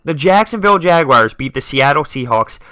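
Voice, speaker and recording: A man's voice: on the high side, expressive, brisk, bright, forceful tone, no room sound. A young man hosting a solo sports talk podcast, dramatic and self-mocking as he rattles off scores. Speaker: podcast host.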